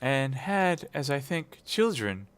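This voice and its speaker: A man voicing a gentle male spirit who speaks softly and calmly. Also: medium pitch, slow pace, clean tone, dry recording, pitched above the performer's own voice.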